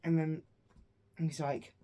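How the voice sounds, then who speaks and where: A man's voice: on the high side, flat delivery, slow, mellow. A man casually recapping a film's plot in a rambling, meandering way, often correcting himself. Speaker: movie reviewer.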